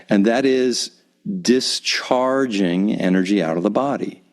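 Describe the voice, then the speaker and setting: Guy talking real slow and low, soothing breathing guide from his home vocal booth. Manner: slow, soothing, repeats soft cue words. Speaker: guest teacher. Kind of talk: calm guided breathing instruction.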